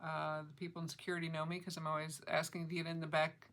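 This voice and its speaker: A woman's voice: low voice, level tone, quick pace, a bit bright. A middle-aged woman vlogging casually about her cross-stitch projects, chatty and joking, laughing often. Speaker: flosstube vlogger.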